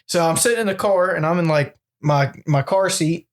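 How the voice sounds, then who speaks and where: A man's voice: a little high, normal speed. A young man co-hosting a casual podcast, telling stories in a rambling way full of fillers like um and like. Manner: rambling, many fillers and laughs. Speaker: podcast co-host. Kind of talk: casual storytelling chat.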